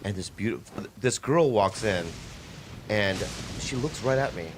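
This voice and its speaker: A man trades jokes on a comedy podcast, teasing the others and jumping into high goofy voices. His pitch moves a lot, and a clear hiss of noise runs under the recording. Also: expressive, unhurried. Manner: playful, teasing, swings up into high joking voices. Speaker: podcast co-host. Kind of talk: casual comedic banter.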